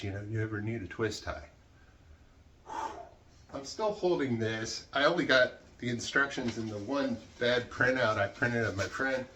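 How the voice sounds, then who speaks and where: A man chats to his viewers in a loose, rambling way, mocking himself as he sorts through clutter. He curses freely when riled up, talking in an everyday mid-pitched voice. A faint noise sits behind him in the cluttered room. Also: sharp tone. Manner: rambling, self-mocking, swears when worked up. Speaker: vlogger. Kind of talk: casual rambling vlog while decluttering.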